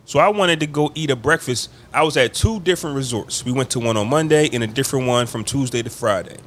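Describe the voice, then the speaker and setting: On a podcast, a man casually tells friends a long, animated story, laughing along and slipping into quoted voices. He talks fast at a medium pitch.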